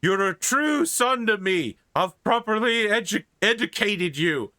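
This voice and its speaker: Casting: man doing a weepy old knight foster father, voice cracked up high, blubbering. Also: expressive, measured pace, pushed and bright, no room sound, exaggerated voice. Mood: tearful.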